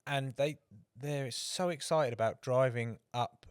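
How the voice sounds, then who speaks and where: A man's voice: medium pitch, unhurried, smooth, no echo, clean studio sound. A man, co-hosting a motorsport podcast in casual chat, telling rambling anecdotes and swearing freely. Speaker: podcast co-host.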